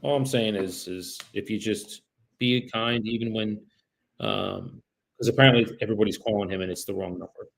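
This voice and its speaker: A man's voice: on the low side, moderate pace, vocal fry, fairly bright tone. A man working as a real estate agent, chatting casually to viewers while making cold calls on a livestream. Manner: chatty, addresses viewers directly; polite and apologetic on calls.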